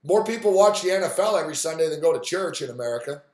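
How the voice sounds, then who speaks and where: A man ranting on a sports live stream, swearing freely and acting out the people in his story. His voice sits a little high, and the room gives it a clear echo. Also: animated, fast talker, a little mellow. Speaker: sports talk host. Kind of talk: profane live-stream rant.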